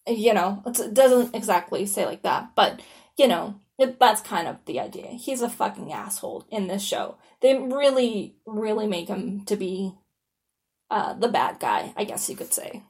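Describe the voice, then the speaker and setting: A woman hosts a podcast on her own in a loose, conversational way. She keeps dropping in "you know" and "like", and she swears casually as she goes. Her voice sits at a middling pitch for a woman. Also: animated, moderate pace, vocal fry, darkish tone. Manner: chatty and informal, lots of "you know" and "like", swears freely. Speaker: podcast host.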